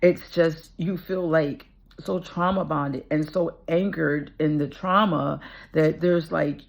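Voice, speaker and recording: A woman's voice: low voice, steady tone, slow pace, vocal fry. A woman, a practicing attorney, telling her personal story earnestly and reflectively, with frequent "you know" fillers. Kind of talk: personal testimony vlog.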